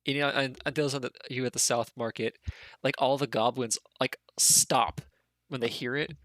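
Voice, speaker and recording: A man narrating a tabletop game as its game master, rambling casually and piling on filler words. His voice has a bright, forward tone, heard close and dry. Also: mid-range voice, fairly even intonation, moderate pace, no room sound.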